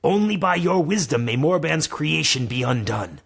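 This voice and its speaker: Guy putting on a grand old spirit mentor, solemn and a bit gravelly, husky edge. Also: fairly high pitch, lively intonation, moderate pace, fairly bright tone, voice pushed up, heavily acted. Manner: solemn, lofty speech that slips into slang. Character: wise old male spirit guide, patient, grand.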